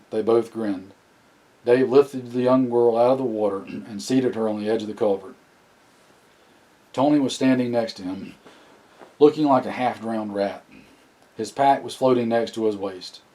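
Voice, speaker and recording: A man narrating an audiobook in a plain, steady reading with occasional restarts. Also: fairly low pitch, low-quality recording. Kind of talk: scripted narration.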